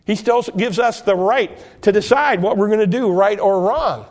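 A man's voice: high voice, moderate pace, darkish tone. A man preaching a sermon, teaching earnestly from the Bible and often restarting and repeating words. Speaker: pastor.

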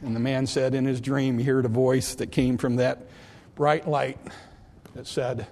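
A man's voice: medium pitch, little pitch movement, a little slow, a little mellow, a little hiss or hum. A man preaching a sermon in a church, earnestly repeating questions to the congregation before leading a prayer. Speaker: pastor. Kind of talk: sermon with altar call and prayer. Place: church sanctuary.

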